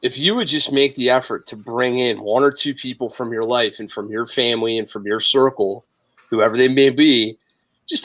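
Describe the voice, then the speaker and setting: A man's voice: medium pitch, fairly even intonation, moderate pace, fairly bright tone. Blunt, profane male podcast host. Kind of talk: casual podcast chat.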